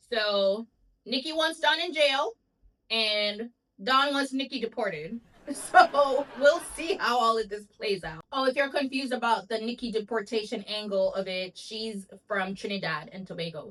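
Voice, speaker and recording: A woman's voice: a little high, moderate pace, pushed and bright, slight background noise, poor audio. A woman host giving casual gossip commentary, chatty and wry, with frequent laughs and asides.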